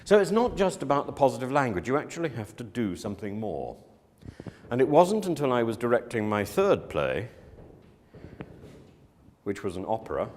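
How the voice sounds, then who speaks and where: A man teaching students, speaking slowly and acting out the things people say with lively emphasis. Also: medium pitch. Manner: slow, lively, acts out quotes with emphasis. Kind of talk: talk to students on directing and teaching. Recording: long hall reverb.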